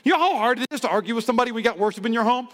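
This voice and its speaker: High-voiced man preaching in an echoing church. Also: rapid-fire. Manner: energetic, humorous, acts out quoted voices. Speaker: pastor. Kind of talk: sermon. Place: church sanctuary. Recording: long hall reverb in a church.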